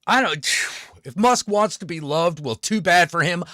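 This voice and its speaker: A man's voice: high voice, lively intonation, a little slow, bright, forceful tone, no echo, clean studio sound. A man hosting his own stream, ranting in a sarcastic, profane way about politics. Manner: swearing, sarcastic, fired-up. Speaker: streamer host.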